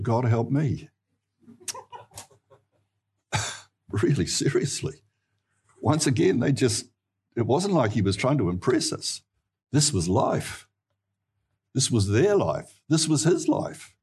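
A man with a New Zealand accent preaching a sermon, telling stories earnestly and rising in pitch for emphasis. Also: darkish tone, slightly rough. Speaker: pastor.

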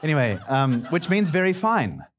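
Male pastor, middle-aged, jokey sermon delivery, lively and somewhat high. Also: normal speed, background noise. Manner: playful, bantering with the congregation.

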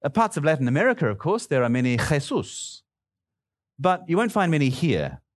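Male pastor, middle-aged, jokey sermon delivery, lively and somewhat high. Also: a little fast. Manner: playful, bantering with the congregation.

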